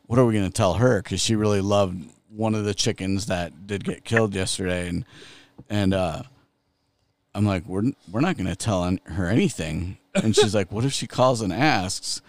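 A middle-aged man co-hosting a podcast, talking slowly with many restarts and frequent laughter. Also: on the low side, no room sound. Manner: laughs often, slow and halting with restarts. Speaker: podcast co-host. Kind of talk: casual podcast chat.

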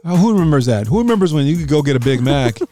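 A man's voice: a little high, very animated, rapid-fire, warm tone. A man hosting a radio show as the DJ, rambling and joking in a casual, chatty way from a studio. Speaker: radio DJ host. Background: music playing.

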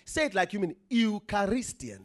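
High-voiced, lively preacher man. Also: measured pace. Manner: emphatic, asks the congregation questions and has them repeat words. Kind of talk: sermon.

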